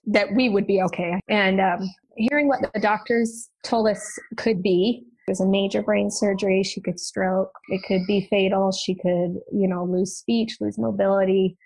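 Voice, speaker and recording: A woman's voice: medium pitch, steady tone, creaky, darkish tone, poor audio. Earnest woman telling a personal story. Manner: earnest, quick, tumbling retelling with restarts. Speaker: podcast guest, mother.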